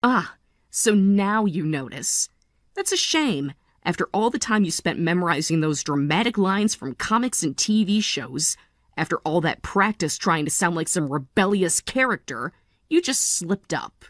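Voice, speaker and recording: A woman in her forties playing a tired but resolute mother in a text-story drama, speaking in a calm, measured way. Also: lowish voice, no room sound, clean studio sound. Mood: calm resolve. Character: weary, resolute mother leaving her family.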